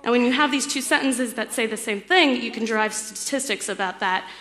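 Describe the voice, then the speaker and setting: Young woman lecturing at a conference, bright kinda high voice, explains step by step with ums. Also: fairly quick. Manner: explanatory, fillers, light laughs. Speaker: conference speaker. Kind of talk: technical lecture. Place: lecture hall.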